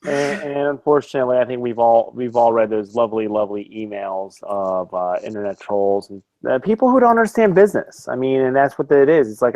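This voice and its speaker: A man's voice: medium pitch, brisk, hardly any pauses, a little mellow, dry recording. A man hosting a casual group chat online, earnest and a bit rambling. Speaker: podcast host. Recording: dull dry lo-fi mic.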